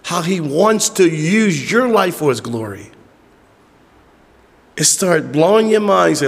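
A man preaching a sermon as pastor, emphatic and repetitive, dropping to hushed asides, in southern US vernacular. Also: fairly high pitch, lively intonation, measured pace, vocal fry, long pauses. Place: church sanctuary. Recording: long church hall reverb.

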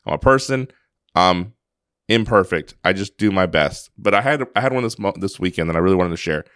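A man's voice: sits low, lively intonation, brisk, fairly bright tone, clean tone, no room sound, studio quality. A man co-hosting a podcast, telling a personal story in an earnest, casual way, often restarting his sentences. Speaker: podcast co-host.

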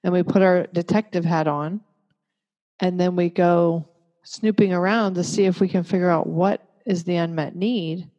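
A woman giving a calm, measured talk that teaches parents. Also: fairly low pitch, highs cut off. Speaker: parenting educator. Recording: long reverb.

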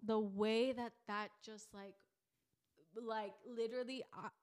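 Young female podcast host, lively storyteller who acts out her own thoughts. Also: on the high side, slow. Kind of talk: faith podcast conversation.

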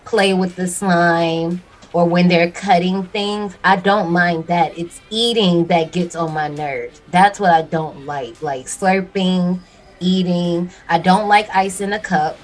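A woman's voice: on the low side, fairly even intonation, slow pace, faint music behind, low-quality recording. A young woman co-hosting a podcast, chatting casually, laughing often and saying y'all. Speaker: podcast co-host. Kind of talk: casual chat.

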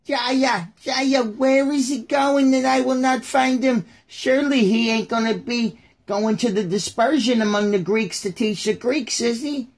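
A man voicing a puzzled, gossiping male townsman from an ancient story, drawling his questions in a husky voice. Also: extremely high pitch, unhurried, few pauses, voice pushed up, exaggerated voice. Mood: baffled.

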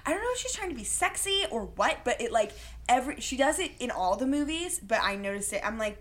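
A woman's voice: on the high side, quick pace. A young woman co-hosting a casual podcast, chatting animatedly about a movie and peppering her talk with "like.". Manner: chatty, animated, full of "like" fillers. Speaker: podcast co-host. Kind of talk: casual chat recapping a movie.

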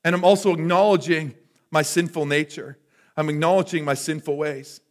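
Slightly high-voiced man preaching a sermon. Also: fairly even intonation, normal speed. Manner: conversational storytelling with frequent restarts. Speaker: pastor.

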